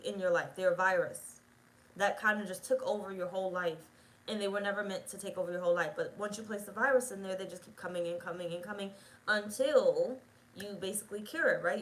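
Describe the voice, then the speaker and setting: A woman's voice: mid-range voice, a bit bright, low-quality recording. A woman giving a casual tarot reading, talking bluntly and straight to the viewer and swearing freely. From United States. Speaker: tarot reader.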